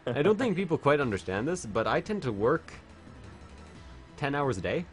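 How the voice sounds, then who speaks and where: Brief: tipsy male game streamer, animated and silly, soft music under the talk. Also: moderate pace. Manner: silly, rambling, jumps to high joking voices. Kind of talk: casual livestream chat.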